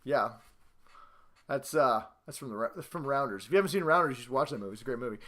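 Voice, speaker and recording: A man hosting a casual sports vlog at home, boastful, excitable and rambling as he talks to the camera. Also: mid-range voice, quick pace. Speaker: host.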